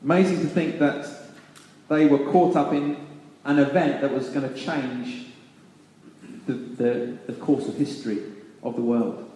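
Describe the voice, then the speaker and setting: A man preaching a sermon, reading scripture and then reflecting on it with restarts and pauses. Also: medium pitch, steady tone, dark tone. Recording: echoey hall reverb.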